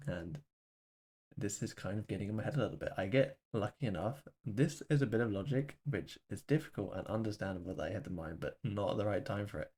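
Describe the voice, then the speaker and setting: A low-pitched man talks over replay footage of his own match. His commentary is candid and self-deprecating, and he breaks down each mistake at an easy, conversational pace. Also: animated, brisk, darkish tone, husky. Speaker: gaming video host.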